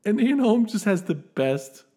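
A man's voice: high voice, a little slow, husky. A man co-hosting a film podcast, talking in a casual, enthusiastic way with frequent laughs and restarts. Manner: animated, enthusiastic, laughs often, many restarts. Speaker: podcast co-host.

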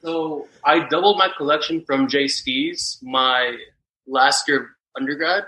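A man's voice: fairly high pitch, a little slow, low-quality recording. A young man in his twenties from Texas, a podcast guest telling rambling casual stories full of fillers. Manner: relaxed, rambling storytelling with many fillers. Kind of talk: casual chat.

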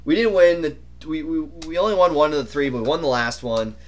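Young male podcast co-host, chatty and animated, fairly high-pitched. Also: fast talker. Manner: animated, imitates others' voices. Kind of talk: casual storytelling chat.

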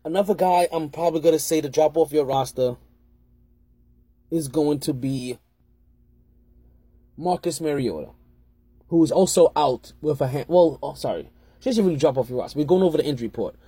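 A man's voice: fairly high pitch, moderate pace, long pauses, dark tone, husky, dry recording. Rambling man hosting a sports podcast. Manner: rambling, repeats himself, corrects himself often. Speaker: podcast host. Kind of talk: casual fantasy football tips.

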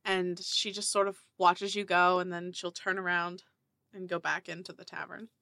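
Bright-voiced woman game master. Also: fairly low pitch, little pitch movement, normal speed, no echo. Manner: casual, laid-back narration with fillers. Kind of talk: narrating a tabletop game.

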